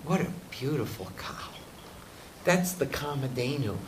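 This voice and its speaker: A man telling sacred stories to a group in an unhurried way, acting out the characters' lines and chuckling now and then. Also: mid-range voice, fairly bright tone, a little hiss or hum, poor audio. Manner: unhurried, voices characters in quotes, chuckles often. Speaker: spiritual teacher telling stories. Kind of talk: storytelling talk to a group.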